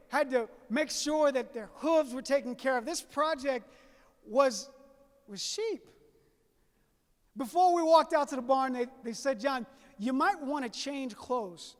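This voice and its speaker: A keynote speaker from Southeast Louisiana addresses his audience as y'all, speaking in an extremely high voice at a measured pace. His talk is folksy and built around stories, recorded in a reverberant hall.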